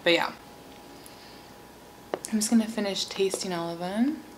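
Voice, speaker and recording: A woman's voice: medium pitch, unhurried, a little hiss or hum, rough recording. A young woman from Seattle in her twenties, chatting casually and bubbly on her channel while eating cake, with lots of "like" and "um". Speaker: mukbang vlogger.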